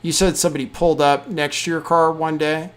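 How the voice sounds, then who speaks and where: A man's voice: on the high side, flat delivery, a little fast, fairly bright tone, smooth. A man hosting an interview, giving brief acknowledgements and asking probing follow-up questions. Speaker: podcast host.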